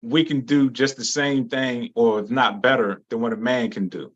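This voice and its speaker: Measured man on a muffled call. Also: medium pitch, fairly even intonation. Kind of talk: casual discussion on a video call. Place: video call. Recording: muffled video call audio.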